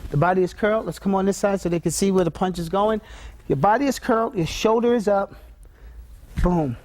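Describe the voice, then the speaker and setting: A man with a fairly high voice leads an instructional demonstration as a martial arts instructor. He calls out drill commands and talks through blocks and strikes step by step. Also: brisk, darkish tone.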